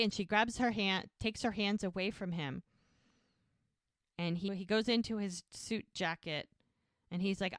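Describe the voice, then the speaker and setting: A woman's voice: medium pitch, normal speed, long pauses, a bit bright, no room sound, studio quality. A woman co-hosting a podcast, retelling a TV episode scene by scene and quoting the characters with lots of "he's like" and "she goes". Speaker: podcast co-host recapping a TV episode. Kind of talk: casual storytelling recap.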